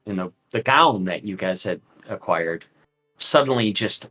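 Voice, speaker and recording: A man's voice: fairly low pitch, lively intonation, a little slow, bright, forceful tone, soft background music, rough recording. A man narrating a tabletop game as game master, in a loose, filler-heavy way.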